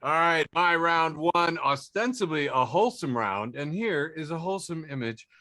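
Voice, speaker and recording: A man co-hosting a podcast, describing meme images in a relaxed way with frequent pauses. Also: fairly high pitch, no room sound. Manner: relaxed, many uh fillers while describing images. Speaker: podcast co-host. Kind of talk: casual chat reading memes.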